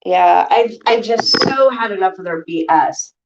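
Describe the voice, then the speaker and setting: A woman's voice: medium pitch, measured pace, creaky, background noise. A woman ranting to her viewers on a livestream, irritated and swearing. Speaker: vlogger. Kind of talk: casual livestream talk to viewers. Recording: distant dull lo-fi audio.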